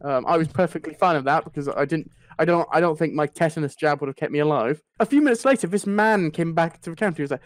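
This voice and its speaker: A young man telling a funny anecdote in a casual chat, animated and swearing freely. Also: a little high, fast, few pauses, no room sound. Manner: animated, swearing, laughing through the story. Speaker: podcast storyteller.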